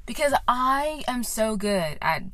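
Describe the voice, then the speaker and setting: A woman's voice: fairly high pitch, sing-song, slow pace, fairly bright tone, no echo. A young woman in a casual vlog chat, rambling and often interrupting herself as she recommends other creators. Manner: rambling, self-interrupting, off-track.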